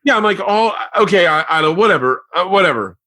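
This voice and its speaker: A man's voice: sits high, fast, dry recording. A man in his forties hosting a podcast, telling a story in casual chat, acting out quotes with lots of swearing. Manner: animated storyteller, swears a lot, acts out quotes. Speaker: podcast host. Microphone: remote podcast mic.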